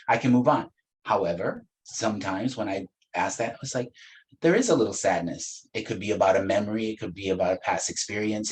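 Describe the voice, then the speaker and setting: A man teaching a spiritual practice in a gentle, unhurried way, with playful asides and frequent soft laughs. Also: fairly low pitch, rough recording. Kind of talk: reflective spiritual talk.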